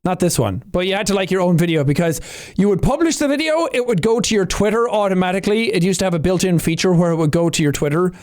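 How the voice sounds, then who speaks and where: An Irish man reacting to his own old gaming videos in casual commentary, animated with loud playful outbursts. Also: high-pitched, fast talker.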